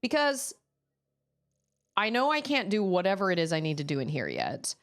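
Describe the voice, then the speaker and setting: Animated, chatty woman streamer. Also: medium pitch, normal speed. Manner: chatty, animated, jumps into silly voices and laughs. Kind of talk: casual gameplay stream chat.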